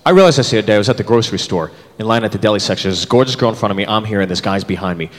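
A man's voice: lowish voice, rapid-fire. A man in his thirties performing a stand-up comedy set, acting out characters in shifting voices. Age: 30s. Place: comedy club stage with live audience. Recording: live hall recording, crowd laughter.

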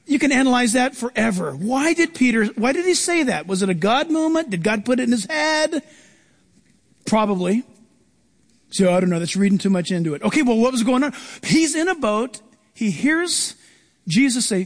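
A man's voice: very high voice, normal speed, big-room sound. A man preaching a sermon, reading scripture and acting out the voices of the people in it. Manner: animated, acts out quoted voices.

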